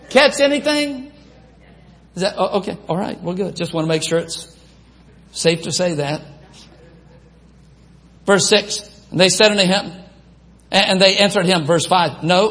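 A man preaching a sermon, reading scripture aloud and asking the congregation questions in an animated way. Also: sits high.

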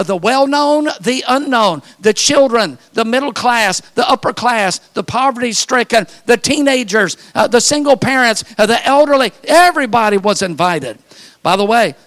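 An older man preaching a sermon, telling folksy stories and building to fervent, shouted appeals. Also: very high-pitched. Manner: fervent, rising to shouted calls; folksy storytelling with repeated phrases.

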